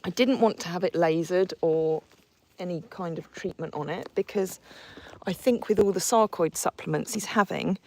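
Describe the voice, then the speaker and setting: A woman's voice: medium pitch, creaky. A woman hosting a casual live stream from horseback outdoors, reading viewer comments and cooing and scolding her horses in between.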